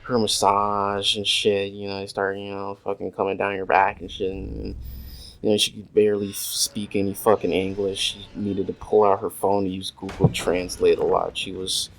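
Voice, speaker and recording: Rambling, foul-mouthed man with a low voice. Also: monotone, moderate pace, poor audio. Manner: rambling, crude, heavy swearing and fillers. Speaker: storyteller gaming on stream. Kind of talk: casual storytime. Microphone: desk USB microphone. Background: faint noise and mouse clicks.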